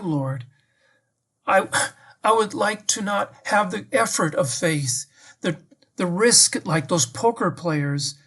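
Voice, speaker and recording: Man, slightly higher voice, prayerful meditation, reflective, questioning, speaks to the Lord. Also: a bit bright, husky. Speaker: priest giving a meditation.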